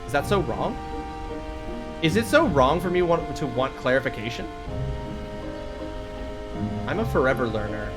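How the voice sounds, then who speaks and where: A man's voice: mid-range voice, lively intonation, moderate pace, long pauses. Joking streamer guy over game music. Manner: joking banter with chat, swearing, rambling asides. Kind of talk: casual live-stream chat while gaming.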